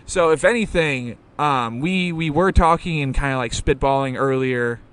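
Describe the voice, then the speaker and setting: A man's voice: mid-range voice, moderate pace, a bit bright, clear, resonant tone. A young man hosting a live podcast interview, talking in a rambling, casual way with lots of fillers and swearing. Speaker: podcast host.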